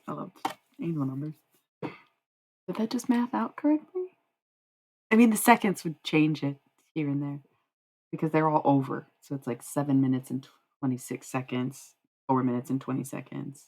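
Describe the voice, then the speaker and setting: A young woman with a notably low voice talks loosely to her live-stream chat. She laughs a lot and drops casual swears as she rambles. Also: vocal fry, a little mellow, breathy edge, low-quality recording.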